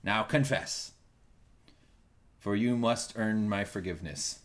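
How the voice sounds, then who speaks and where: A man playing a pompous mock pope who hears a confession, loud and commanding. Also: fairly low pitch, slow. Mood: grandiose.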